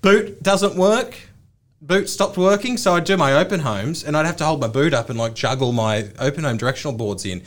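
A man's voice: fairly high pitch, brisk. A man, a real estate agent co-hosting a podcast, chatting casually and telling rambling, self-mocking stories.

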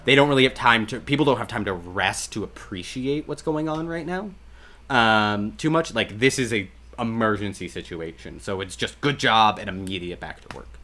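A man running a tabletop game, laid-back and chatty with plenty of ums. His voice sits fairly low. He narrates and rules as he goes. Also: moderate pace, sharp tone. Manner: casual, rambling, fillers. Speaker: game master.

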